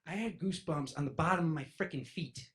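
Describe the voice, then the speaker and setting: Animated man telling spiritual stories. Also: a little high, fast talker. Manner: animated, acts out voices in stories, addresses crowd as "you guys". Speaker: spiritual speaker. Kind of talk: casual storytelling talk to an audience.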